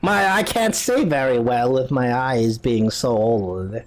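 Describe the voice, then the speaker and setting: A man voicing a cranky, arthritic old woman who lives alone in the woods, talking slowly in a grumbling, suspicious way. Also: medium pitch, expressive. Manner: slow, grumbling and querulous.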